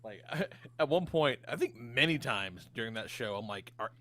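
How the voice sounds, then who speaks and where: A man co-hosting a podcast, excitable and profane in casual chat. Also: mid-range voice, moderate pace. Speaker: podcast co-host.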